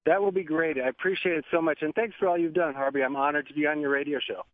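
Brief: earnest male radio guest, slightly high voice, dry tinny phone line. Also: fairly even intonation, quick pace, no room sound. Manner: earnest, promotional. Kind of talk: casual radio interview.

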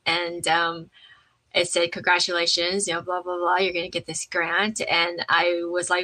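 A woman guest telling a personal story in an animated way, acting out the voices of people she quotes, with frequent fillers and restarts. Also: fairly low pitch, normal speed, low-quality recording. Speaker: interview guest.

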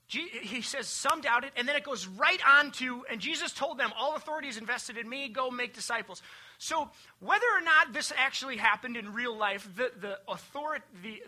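A pastor delivers a Sunday sermon in a strikingly bright, sharp-edged voice. The delivery is emphatic, building refrains and lists, then dropping to hushed, low passages. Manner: emphatic, swings between loud declarations and hushed, low passages.

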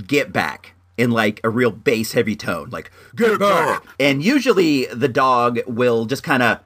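A man's voice: medium pitch, a bit bright. A young man telling a story in a casual, rambling monologue, often restarting his sentences. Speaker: vlogger.

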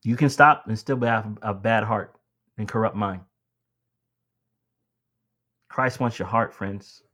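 In a low-leaning, slightly bright voice, a preacher takes his time. He speaks to the congregation as friends, calling them beloved, climbing to emphatic lines and then relaxing again.

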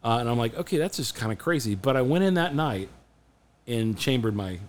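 A man co-hosting a podcast, telling a story in casual chat, animated and often restarting his sentences. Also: medium pitch, fairly quick. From Phoenix area, USA. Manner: animated, restarts a lot, acts out quotes. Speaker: podcast co-host.

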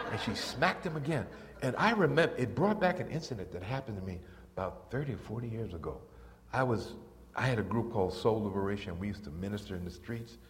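An older man preaching a sermon and telling stories, swinging from soft and low to high and loud when excited. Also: a little hiss or hum. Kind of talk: sermon with storytelling. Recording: reverberant church hall.

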